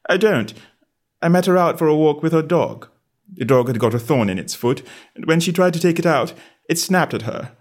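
A bashful, nervous young gentleman, as a male reader puts him on, speaking in a diffident, toneless way. The voice is slightly husky, and the pitch still moves about freely. He sounds like a character from a storybook reading. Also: animated, normal speed. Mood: meek.

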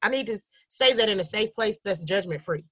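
A woman's voice: mid-range voice, animated, a little fast, pushed and bright. A young adult woman, a single mother who runs a support group, talking earnestly and emotionally in a casual conversation, close to tears at times.

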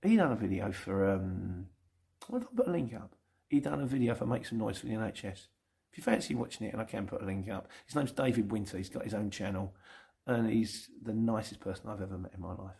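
Gravelly middle-aged London man chatting. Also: on the low side, lively intonation, fast, dark tone. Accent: London English. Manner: chatty and rambling, with self-mocking asides. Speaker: YouTube channel host. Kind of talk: casual Sunday Q&A reading viewer comments.

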